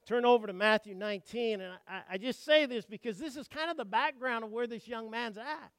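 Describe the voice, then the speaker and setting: A man preaching a sermon, telling folksy stories and asking the congregation questions, swinging from hushed asides to loud emphatic outbursts. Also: very high voice, fairly quick, no echo, studio quality.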